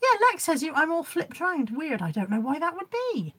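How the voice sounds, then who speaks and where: A live-stream reseller host talks from home into her phone camera in a high, bright, very animated voice at a moderate pace. She chats with viewers, reads their comments aloud, and rambles a bit in a scattered way.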